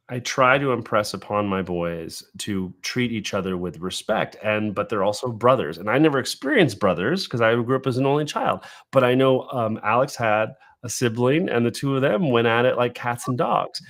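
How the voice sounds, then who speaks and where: A man's voice: mid-range voice, a bit bright. A man appearing as a guest on a podcast, talking earnestly and casually, repeating words as he gathers his thoughts and laughing easily. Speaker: interview guest, video creator. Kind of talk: casual conversational interview.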